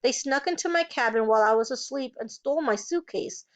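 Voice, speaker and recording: A woman's voice: high-pitched, brisk, lightly acted. A woman reading a story, voicing a cold, lying female camp warden who answers defensively. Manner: defensive, dismissive.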